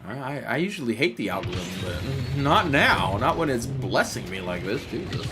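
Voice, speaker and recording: A man's voice: medium pitch, sing-song, moderate pace, music in the background. A man streaming a game live, telling a story in casual, profane chat and laughing as he goes.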